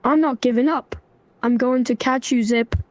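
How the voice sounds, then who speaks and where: A woman's voice: a little high, normal speed, darkish tone, dry recording, lightly acted. Edward: a synthetic woman voicing a stern angry young man.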